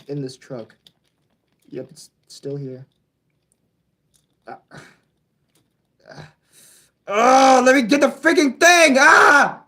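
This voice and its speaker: A young man streaming his model railway layout in casual commentary, excitable and prone to yelling at the trains. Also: a little high, slight background noise. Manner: excitable, yells at toy trains.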